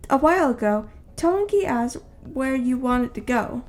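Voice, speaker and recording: Woman, fan-fiction reader, steady plain delivery, slightly high voice. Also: moderate pace. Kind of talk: second-person fan-fiction narration.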